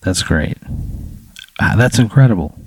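A man in improvised comic banter, asking deadpan, incredulous questions. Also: on the low side, measured pace, breathy edge.

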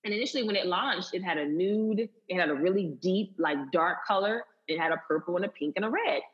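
Woman guest telling a story, husky lowish voice, laughs a lot, does the voices, kinda dull lo-fi sound. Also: fairly quick. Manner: animated, laughing, acts out quoted voices. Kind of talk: casual interview storytelling.

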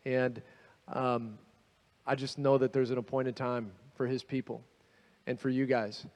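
A man preaching a sermon as pastor, telling the story with animated energy and acting out the voices of the people in it. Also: mid-range voice, unhurried, long reverb tail.

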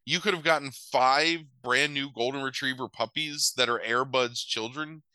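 A man's voice: mid-range voice, steady tone, normal speed, pushed and bright, clean tone, dry recording, pitched above the performer's own voice. A man voicing an angry, greedy rich man who swears at his bumbling henchmen. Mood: exasperated. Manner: exasperated, swearing.

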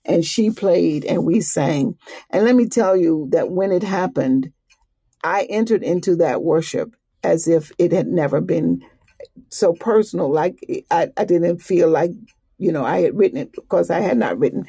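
An older woman hosting a devotional broadcast, speaking slowly and heartfelt, with soft restarts, in a talk that moves into prayer. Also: lowish voice, creaky, slightly rough.

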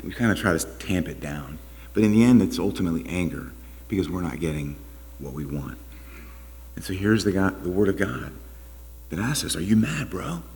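A man preaching a sermon as pastor, with animated delivery, rhetorical questions and quiet asides. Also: deep voice. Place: church sanctuary. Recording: long reverb of a church hall.

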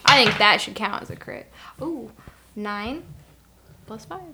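A woman's voice: mid-range voice, expressive, a little slow, background noise. A woman playing in a tabletop game, reacting casually and swearing freely. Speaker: player.

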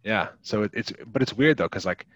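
A man's voice: on the low side, brisk, a bit bright, slight background noise. A man in his thirties co-hosting a casual movie podcast, rambling with lots of fillers and restarts. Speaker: podcast co-host. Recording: dull lo-fi podcast mic.

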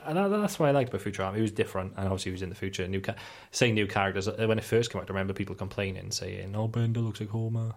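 A man's voice: low voice, lively intonation, very fast, gravelly, hardly any pauses. A man chatting casually about cartoons, rambling with many fillers and restarts. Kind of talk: casual chat.

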